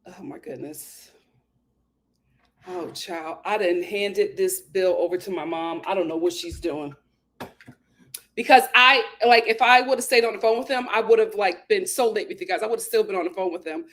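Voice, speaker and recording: A woman's voice: medium pitch, moderate pace, fairly bright tone. A woman hosting a casual live stream, ranting and greeting viewers by name.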